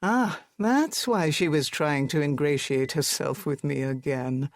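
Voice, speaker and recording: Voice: medium pitch, unhurried, no room sound, lightly acted. An audiobook narrator voicing a reserved army major who speaks in a dry, clipped, wry way.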